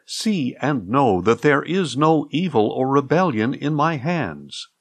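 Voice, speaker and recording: A man voices an earnest young warrior in a scripture reading, pleading his innocence to a king. The lines come slowly, with lively rises in pitch and a dry, close sound. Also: no room sound, full character voice.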